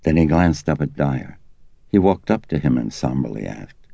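A man reading an audiobook in measured, expressive scripted narration, close to the mic. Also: rumbling low, creaky, no echo.

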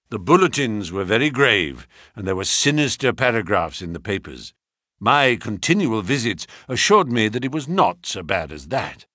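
An expressive man narrates a first-person story, and his pitch moves a lot as he reads. His voice is bright and edgy, with a husky grain. The recording is close and dry, with no room around it. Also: dry recording. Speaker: audiobook narrator.

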